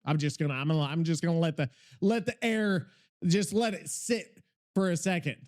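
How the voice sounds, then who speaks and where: A man's voice: on the high side, moderate pace, a little mellow. A man hosting a podcast live, ranting in exasperation and swearing, repeating his questions. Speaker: podcast host. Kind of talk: casual live podcast chat.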